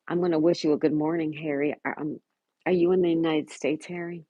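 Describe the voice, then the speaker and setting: A woman's voice: sits low, fairly even intonation, fairly quick, dark tone, slightly rough, no echo, lo-fi sound. A middle-aged woman hosting a casual live stream from home, reading viewers' comments and greeting them by name with affectionate chatter. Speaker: livestream host reading chat.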